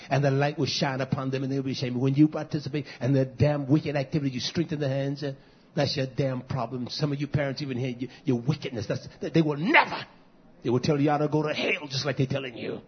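A man preaching a fiery sermon, swinging from shouts to low mutters. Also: steady tone, fairly quick, slightly rough, dull audio.

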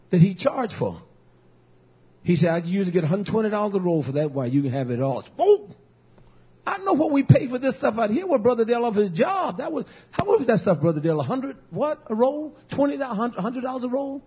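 A man preaching as pastor, telling stories and quoting himself in an animated way. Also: high-pitched, fast, breathy edge, muffled recording. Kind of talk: sermon.

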